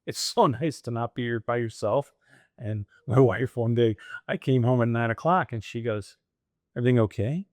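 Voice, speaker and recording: A man's voice: mid-range voice, moderate pace, no room sound. A middle-aged man, a franchise owner, telling stories in casual conversation, laughing often and acting out the voices of the people he quotes. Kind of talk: conversational storytelling.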